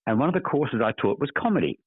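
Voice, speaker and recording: An older Australian actor, a podcast guest, tells casual interview anecdotes in a husky, medium-pitched voice that is very animated and quick. He's expansive and repeats words while searching for them, heard over a dry, tinny, phone-like line with no echo.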